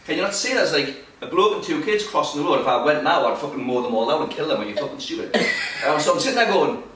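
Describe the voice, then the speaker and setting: A man telling sweary, animated stories as a podcast co-host. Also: fairly high pitch, fast, a crowd in the background. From England. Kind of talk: casual storytelling chat. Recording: echoey room, mic at a distance.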